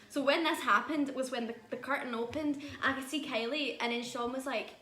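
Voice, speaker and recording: A woman's voice: a little high, steady tone, a little fast, fairly bright tone, roomy sound, a little hiss or hum. A young woman telling a story in casual chat, chatty and giggly with lots of fillers.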